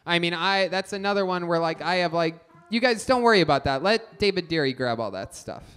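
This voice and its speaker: A man's voice: high voice, lively intonation, a little fast, fairly bright tone, clean tone. A man hosting a live comedy show, bossing guests around in a mock-scolding way and laughing often. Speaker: comedy podcast host.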